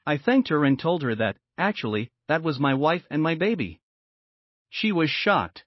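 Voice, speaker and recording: Male narrator, slightly higher voice, dry and dull lo-fi sound, steady read of story posts. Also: moderate pace, no room sound. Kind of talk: scripted narration of reader posts. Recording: dull lo-fi sound with faint music.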